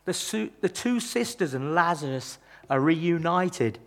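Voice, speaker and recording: A man preaching a sermon, retelling a Bible story with dramatic rises and hushed drops. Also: animated, unhurried. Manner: dramatic, rises and falls in pitch and loudness.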